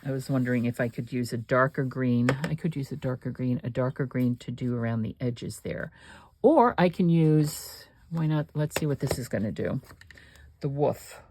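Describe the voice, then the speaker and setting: Chatty woman with a gravelly fry. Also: very deep voice, lively intonation, normal speed, warm tone, slight background noise. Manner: chatty, rambling asides while working. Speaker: crafting channel host. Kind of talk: casual crafting demonstration, thinking aloud.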